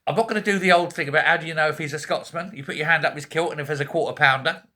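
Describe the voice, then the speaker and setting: Scottish male vlogger, fairly high voice, chatty and wry, keeps correcting himself mid-sentence. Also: very fast, bright, forceful tone. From Scotland. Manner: chatty, joking asides, self-correcting. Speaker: political vlogger. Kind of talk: casual rambling commentary to camera. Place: quiet home.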